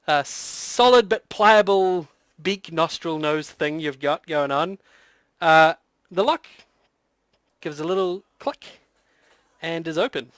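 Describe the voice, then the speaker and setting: New game master, dry sound, slightly high voice, chatty narration. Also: male voice, slow, pauses often, fairly bright tone, clear, resonant tone, no echo. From New Zealand. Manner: chatty, laughing often, descriptive.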